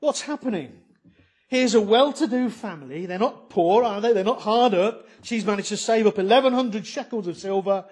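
A man's voice: high-pitched, normal speed, darkish tone, husky. A man preaching a sermon, conversational and emphatic, with frequent rhetorical questions.

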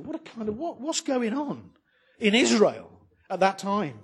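A man's voice: a little high, sing-song, normal speed, husky. A man preaching a sermon, conversational and emphatic, with frequent rhetorical questions.

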